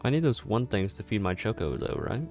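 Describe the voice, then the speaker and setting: A man's voice: lowish voice, expressive, brisk, a little mellow, faint music behind. A man streaming a game, chatting casually and reacting to his chat. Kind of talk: casual live-stream commentary.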